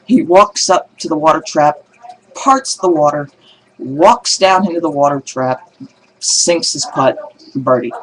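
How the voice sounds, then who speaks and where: Man telling jokes, animated storyteller. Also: fairly high pitch, measured pace, poor audio. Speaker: video blogger telling jokes. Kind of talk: casual joke telling.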